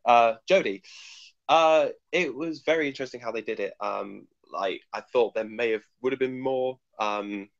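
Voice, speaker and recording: Young man, co-host, hesitant, lots of restarts, mid-pitched, muffled lo-fi audio. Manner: hesitant, halting, many restarts. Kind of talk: casual fan chat. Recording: dull lo-fi livestream audio.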